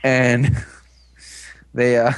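A man's voice: mid-range voice, completely flat delivery, drawn-out words, a little hiss or hum. A man casually recapping an episode in a rambling, amused way, with plenty of fillers. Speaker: podcast co-host recapping an episode. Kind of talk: casual chat.

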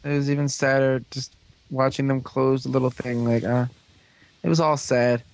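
This man has a gravelly, mid-range voice with a level tone and normal speed. Hosting a podcast over a casual voice call, he recaps an episode in a rambling way and voices the characters' lines.

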